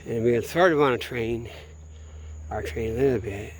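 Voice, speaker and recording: A man talking to himself on a night walk outdoors, recorded on a handheld phone. His voice sits at a middling pitch, and his talk is loose and full of swearing. He keeps trailing off to hunt for names, with a faint hiss of noise behind him. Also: normal speed. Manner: profane, meandering, searching aloud for names. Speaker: vlogger thinking out loud. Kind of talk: rambling late-night monologue.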